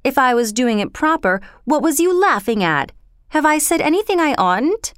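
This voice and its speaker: A woman voicing a fiery young flower girl with a Cockney accent and rough, blunt grammar, in a storybook reading. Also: high voice, sing-song, normal speed, a bit bright, dry recording, clean studio sound, pitched above the performer's own voice.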